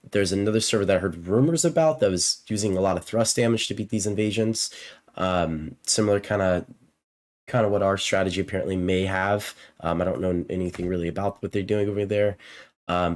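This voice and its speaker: Low male voice, casual game strategy walkthrough, loose and rambling with lots of ums. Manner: rambling, many fillers and self-corrections. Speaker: game guide creator and shot caller.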